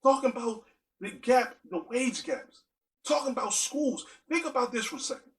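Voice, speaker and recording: A man's voice: very high-pitched, moderate pace, rough recording. A man giving an earnest spoken monologue, driving his points home with strings of rhetorical questions.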